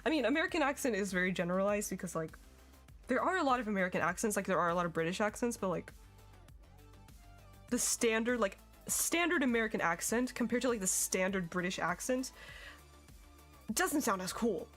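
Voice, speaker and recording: A woman's voice: mid-range voice, animated, fairly quick, fairly bright tone, soft background music. A young woman streaming a game, chatting casually and giggling as she reads her chat.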